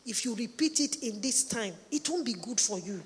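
A woman's voice: fairly high pitch, lively intonation, normal speed. A woman preaching a sermon, emphatic, repeating her points for stress. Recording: echoey hall, long reverb.

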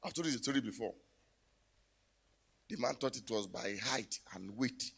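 Lively gravelly preacher man. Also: mid-range voice, normal speed. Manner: storytelling, rising to loud exclamations. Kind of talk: sermon.

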